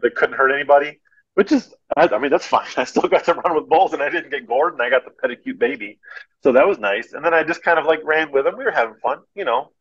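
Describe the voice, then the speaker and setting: A man, a podcast guest, telling animated anecdotes in a casual storytelling way. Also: fairly high pitch, quick pace, breathy edge, lo-fi sound.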